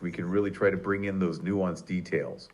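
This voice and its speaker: A man's voice: sits low, fairly even intonation, normal speed. A synthetic man's voice co-hosting a podcast-style chat, eager and affirming, often thanking the listener. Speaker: AI podcast co-host.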